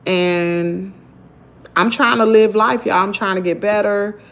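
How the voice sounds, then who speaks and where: A woman with a Southern American accent telling a story to her viewers in an animated, indignant vlog. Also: medium pitch, slow pace, pauses often. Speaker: vlogger.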